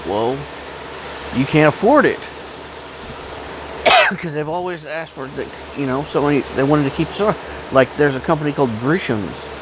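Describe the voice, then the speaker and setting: Coughing man rambling bluntly, noisy background. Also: on the high side. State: has a cough. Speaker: vlogger. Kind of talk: rambling casual monologue.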